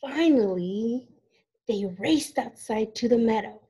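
A woman reading a picture book aloud to young children, animated, with frequent gasps and drawn-out sound words, stopping to ask the listener questions. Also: on the high side, husky. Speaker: children's story reader.

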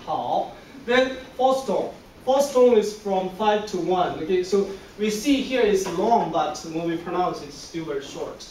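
A man with a high voice leads a classroom drill at an unhurried, deliberate pace. He coaxes the learners patiently, laughs easily and repeats each sound to model it. The mic sits far away in a very echoey room with a faint hum behind. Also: lively intonation, a little mellow. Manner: patient, coaxing, laughs often. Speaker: Chinese language teacher.

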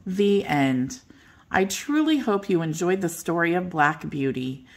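Older woman, bedtime storyteller, gentle, expressive, lowish voice. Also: measured pace.

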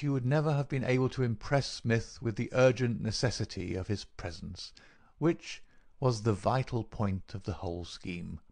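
A man voicing a clever, calm detective who explains his plans in a measured, dry way. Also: medium pitch, creaky, natural voice.

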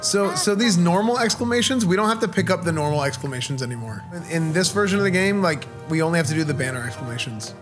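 Excitable male streamer chatting over games. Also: fairly high pitch. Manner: animated, quick, swears casually. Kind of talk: casual gaming chat. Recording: game music behind.

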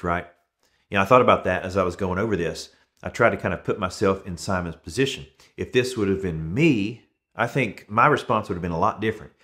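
A man in his thirties, a pastor giving a conversational sermon and telling relaxed everyday stories to make his points. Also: lowish voice. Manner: relaxed storytelling with everyday examples.

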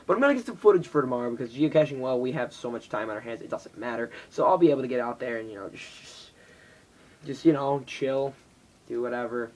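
A teenage boy talks to his camera in a loose, rambling vlog, swearing often. His voice swings from loud bursts to hushed whispers and at times drifts away from the microphone, so it sounds more distant. His pitch sits in the middle for a young man. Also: lively intonation, fast talker. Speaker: vlogger. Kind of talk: casual vlog chat. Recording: voice drifting off the mic.

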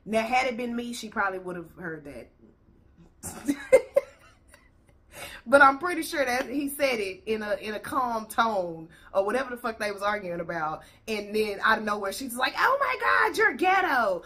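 A woman's voice: mid-range voice, animated, moderate pace, sharp tone. A woman host ranting bluntly and profanely as she reacts to a video.

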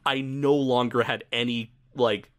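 A man's voice: mid-range voice, fairly even intonation, a little slow, fairly bright tone. A man hosting a casual film review podcast, swearing freely and laughing often. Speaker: podcast host.

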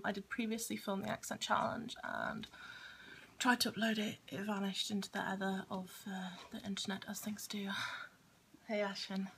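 A woman's voice: medium pitch, gravelly, bright, forceful tone, a little hiss or hum. A woman with a Grimsby accent, chatting casually to camera at home in a rambling vlog, often breaking off mid-thought. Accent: Grimsby English. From Grimsby, England. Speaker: vlogger. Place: at home, indoors. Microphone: camera on a small tripod.

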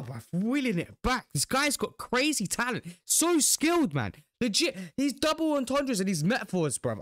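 A man's voice: high voice, fairly bright tone, no echo, clean studio sound. A British man hosting a reaction video, hyped and full of slang, swearing freely as he talks. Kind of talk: excited casual commentary.

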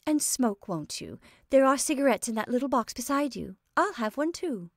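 A soft, small-voiced young woman who lilts high and bright, always near a laugh. A woman reading a story puts her on. The sound is close and dry. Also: lively intonation, normal speed, no echo. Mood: amused.

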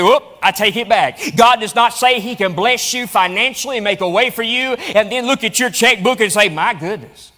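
A man with a high voice preaches from the pulpit, his delivery rising and swelling through repeated phrases. He preaches in a church hall. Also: bright, forceful tone. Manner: preaching with rising emphatic repetition. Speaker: pastor. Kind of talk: sermon. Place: church auditorium.

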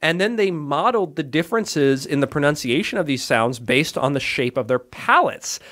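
A man runs a casual science podcast, reading out articles and riffing on them. His voice sits a little high, and he talks in an animated way, tossing in quick asides. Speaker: podcast host.

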